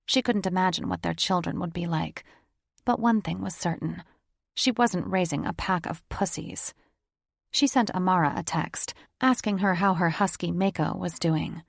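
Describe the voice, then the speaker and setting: A woman narrates a paranormal romance audiobook in a steady storytelling voice. Her tone sits low with a gravelly, creaky texture. The recording is dry and close, with no room sound. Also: normal speed, dry recording. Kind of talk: scripted narration.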